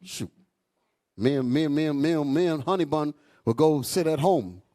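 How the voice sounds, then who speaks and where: A man preaching a fiery, profane sermon to his congregation, calling out to them as he goes. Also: moderate pace. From United States. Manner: loud, animated, swings high and low, profane, asks crowd "y'all all right?".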